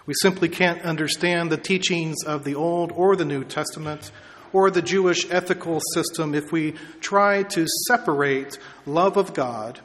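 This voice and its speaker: A male pastor giving a measured sermon, stretching out key words for emphasis, in a church sanctuary. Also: a little high, a bit bright, a little hiss or hum. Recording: long reverb of a large hall.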